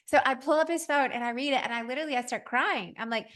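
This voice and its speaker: A woman podcast host in her thirties, telling a story in a lively, conversational way and acting out the dialogue. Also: sits high, fast, few pauses. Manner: animated, acts out quoted dialogue.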